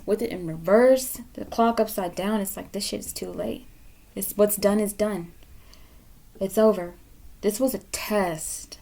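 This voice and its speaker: A woman's voice: mid-range voice, a little mellow. Blunt, profane tarot-reading woman. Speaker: tarot reader. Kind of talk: pick-a-card tarot reading.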